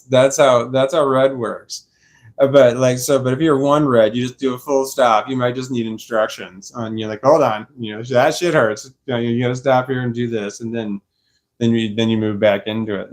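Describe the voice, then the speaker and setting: A man's voice: mid-range voice, a little mellow. A man rambling casually to camera, swearing freely and laughing now and then. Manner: rambling, profane, laughs often. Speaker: vlogger.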